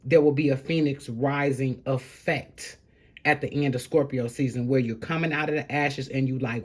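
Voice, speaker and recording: A woman's voice: very deep voice, steady tone, moderate pace, a little mellow. Heartfelt woman giving a casual tarot reading. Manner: heartfelt, spiritual, rambling with fillers; encouraging, addresses viewers directly. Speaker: tarot reader.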